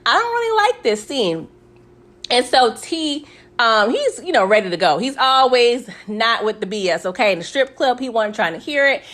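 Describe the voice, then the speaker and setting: A woman's voice: on the high side, expressive, moderate pace, a bit bright. A woman casually recapping a TV episode in a chatty, slangy way, often tacking on "okay?" and laughing between points. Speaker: TV recap host.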